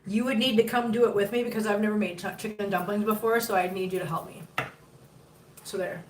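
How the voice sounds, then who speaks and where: A woman's voice: fairly even intonation, quick pace. Chatty fifty-year-old woman livestreaming from across a roomy space. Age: 50s. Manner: chatty, talks to viewers and cats in a high cooing baby voice. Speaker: livestream host. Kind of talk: casual livestream chat. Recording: roomy, picked up from a distance, faint noise.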